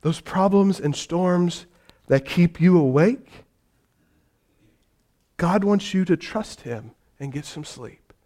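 A male pastor preaching a sermon in an animated way, shifting from hushed, gentle passages to loud, vivid storytelling. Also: sits high, takes it slowly, long pauses.

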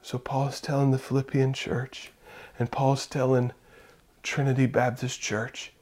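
A male pastor preaching a sermon, building to loud fervent peaks and dropping to hushed, intimate passages. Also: medium pitch, little pitch movement, measured pace.

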